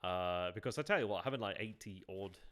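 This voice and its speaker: Guy with a lowish voice mumbling thru a war game stream, repeats himself, chats to viewers. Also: animated, a little fast, fairly bright tone. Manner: muttering, self-questioning, repeats phrases; chats with viewers between moves. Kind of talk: thinking aloud while playing a strategy game.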